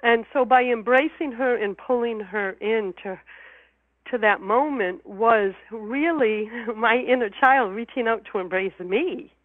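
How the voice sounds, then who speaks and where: A woman's voice: on the high side, unhurried, dry recording. Emotional woman telling her story as a guest, sounds like a phone call, repeats herself. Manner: heartfelt, emotional, repeats words. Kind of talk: personal storytelling in an interview. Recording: phone line.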